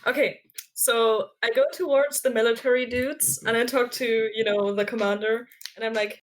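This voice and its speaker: A woman's voice: fairly high pitch, fairly even intonation, normal speed, a little hiss or hum. A woman playing a tabletop game, impulsive and playful, often laughing. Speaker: player. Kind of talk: tabletop role-play.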